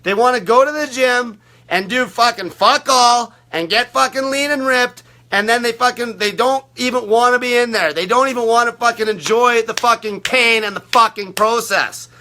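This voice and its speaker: A man coaching on fasting in a blunt, aggressive monologue full of constant swearing. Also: extremely high pitch, sharp tone. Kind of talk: profane ranting monologue.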